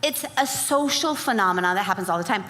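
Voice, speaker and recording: Speaking fast in a bright, forceful mid-range voice, a woman animatedly tells a story at a sales event, acting out both sides of a conversation with lots of energy. Her motivational talk is recorded live in a large, reverberant hall before an audience.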